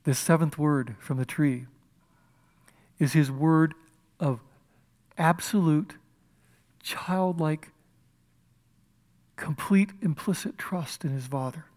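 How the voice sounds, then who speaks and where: Male pastor, impassioned sermon, shouts and whispers, church service, fairly high voice. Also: slow pace, long pauses.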